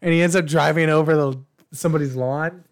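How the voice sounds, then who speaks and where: A young man co-hosting a casual movie review podcast, animated and swearing freely, retelling scenes with quoted lines. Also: a little high, brisk, a crowd in the background. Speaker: podcast co-host.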